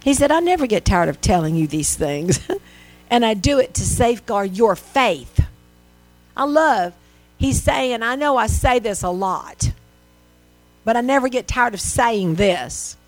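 A high-pitched woman delivers a sermon, talking to the congregation casually with lots of rhetorical questions. A low mains hum runs under her voice. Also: expressive, a little slow, no room sound, soft background music. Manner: conversational preaching with rhetorical questions and mimicked voices. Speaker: preacher.

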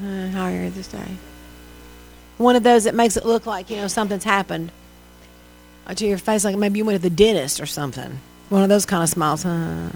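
A woman preaching a sermon in a conversational style, asking the listeners questions and acting out people's replies. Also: on the high side. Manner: conversational preaching with rhetorical questions and mimicked voices.

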